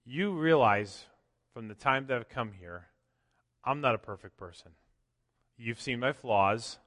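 A man preaching a sermon as pastor, swinging from loud emphatic lines to quiet asides. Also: medium pitch, expressive, a little slow. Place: church. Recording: long church hall reverb.

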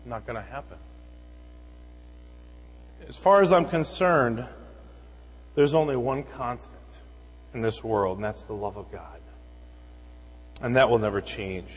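A pastor preaching a sermon, telling stories in an animated way and acting out the voices of the people he quotes. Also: mid-range voice, measured pace, long pauses, husky, long reverb tail, rough recording. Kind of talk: sermon with storytelling.

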